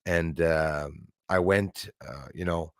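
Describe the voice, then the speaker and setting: A deep-voiced Canadian man talks straight into a close, dry mic with no room sound. He drifts from one story to the next, circling back, restarting sentences and tossing in asides as he goes. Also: takes it slowly, dry recording. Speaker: livestream host. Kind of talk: rambling casual monologue.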